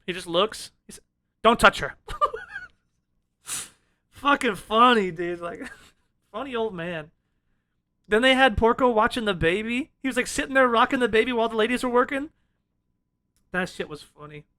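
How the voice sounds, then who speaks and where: Bright-voiced laid-back podcast guy. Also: very high voice, very animated, normal speed, pauses often. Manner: laid-back, profane, laughs often. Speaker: podcast co-host. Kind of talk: casual film discussion.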